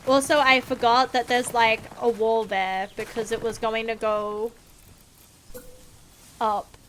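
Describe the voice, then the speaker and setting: A woman's voice: on the high side, flat delivery, slow, a bit bright, a little hiss or hum. A young woman streaming a game live, chatting casually with viewers in a playful, sarcastic way and swearing freely. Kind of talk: casual live-stream chat while gaming.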